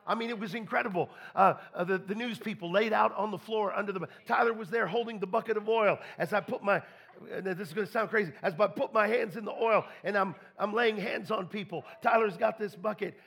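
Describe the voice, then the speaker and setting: A man's voice: sits high, brisk, creaky, fairly bright tone, husky. A man preaching a storytelling sermon, folksy, full of restarts, acting out conversations. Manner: folksy, repeats and restarts, quotes people in dialogue.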